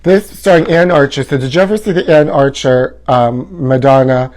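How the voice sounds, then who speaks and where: A man's voice: mid-range voice, moderate pace, a little mellow. A man hosting a live gossip stream from home in a campy, theatrical way, reading viewer comments aloud and calling everyone honey. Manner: reads fan comments aloud. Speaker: host.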